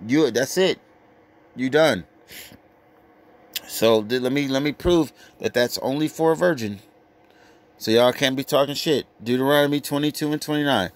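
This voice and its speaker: A man giving a brash, crude, lecturing scripture rant, reading verses slowly and emphatically. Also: medium pitch. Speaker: street preacher.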